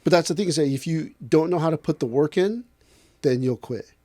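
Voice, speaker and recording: A somewhat high, mellow male voice in a dry, close recording. He is an aikido instructor talking casually on a podcast. He tells stories with energy and acts out what other people said. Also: fairly quick, no room sound. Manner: animated storyteller acting out other people's voices.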